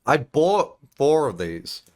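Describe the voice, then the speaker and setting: A young man chats on his stream. He tells a rambling story, drops swear words, and keeps a middle pitch that rises and falls a lot. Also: very animated, slow, a little mellow. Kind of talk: casual stream chat.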